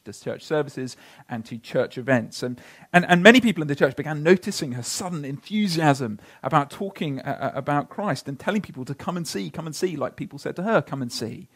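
A pastor preaching a sermon, telling stories earnestly and slowing down to read scripture. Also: male voice, mid-range voice, gravelly, breathy edge.

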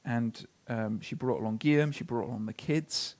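A pastor preaching a sermon, telling stories earnestly and slowing down to read scripture. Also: male voice, medium pitch, darkish tone.

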